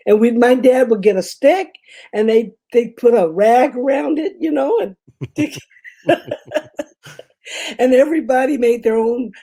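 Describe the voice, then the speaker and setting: A woman's voice: fairly high pitch, unhurried, long pauses, dark tone. An older woman with a Memphis Southern accent, a guest telling rambling stories in casual conversation. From Memphis, Tennessee. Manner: chatty storyteller, many fillers and asides. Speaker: guest, performer.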